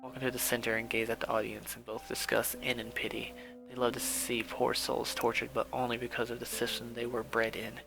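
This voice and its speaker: A man's voice: mid-range voice, monotone, fairly quick, creaky, rough recording. A man reading his own first-person story aloud, with slips and restarts, over background music. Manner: reads with slips and restarts, softly dramatic.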